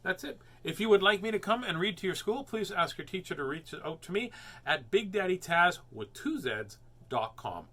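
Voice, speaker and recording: This home reading show host, who reads children's books, rambles through casual chat full of jokes and fillers. His high-pitched voice is sing-song, bright and forceful, at a moderate pace.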